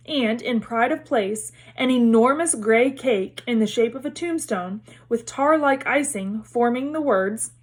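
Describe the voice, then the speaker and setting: A woman reads a children's novel aloud with an expressive delivery. Her voice sits somewhat high for a woman, and she lifts it for the characters' lines. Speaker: reader.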